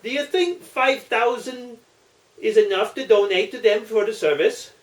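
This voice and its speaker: A man's voice: sits high, unhurried, echoey room, voice pushed up. A man voicing a lonely Irish countryman in a joke, pleading in a raised voice. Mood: eager. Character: Irish countryman, grieving dog owner.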